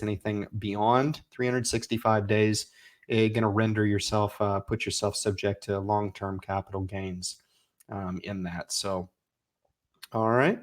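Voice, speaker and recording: This lowish-voiced man in his forties hosts a casual livestream. He reads out viewer comments and cheers his audience on with energetic, folksy enthusiasm.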